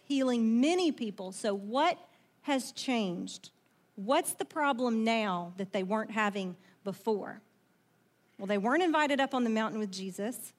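Woman pastor, high voice, animated conversational sermon, plays out story voices. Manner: conversational, animated, asks the audience questions; acts out quoted voices in the story.

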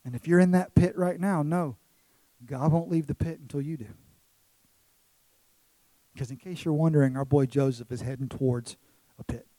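A man's voice: on the high side, normal speed, long pauses, warm tone, dry recording. A man preaching a sermon as pastor, emphatic, with repeated phrases and rhetorical questions to the congregation.

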